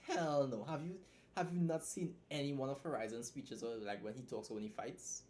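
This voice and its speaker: Expressive and a little mellow at a medium pitch, a young Trinidadian man hosts a casual livestream. This writer reacts to a story bluntly, with jokes, free swearing, and rapid asides.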